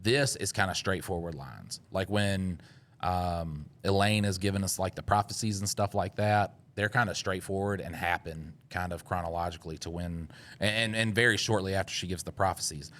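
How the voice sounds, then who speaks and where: A man's voice: low-pitched, moderate pace, fairly bright tone. A man hosting a podcast, rambling in casual chat and laughing often. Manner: laid-back, rambling with frequent laughs. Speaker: podcast host.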